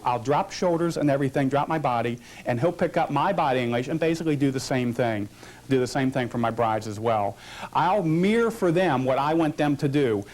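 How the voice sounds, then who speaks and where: A man with a voice pitched a little high gives a hands-on photography lesson. He asks questions and answers them himself, then coaches a model through each pose with short prompts. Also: a little mellow. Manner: explains with rhetorical questions, coaching a posing model. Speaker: photography instructor. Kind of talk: instructional demonstration.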